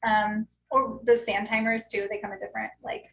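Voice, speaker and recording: A woman's voice: medium pitch, little pitch movement, moderate pace, a bit bright. A woman, an occupational therapist, gives an informal, friendly workshop talk to parents, full of fillers and asides. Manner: friendly, conversational, many fillers. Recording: roomy echo, distant mic.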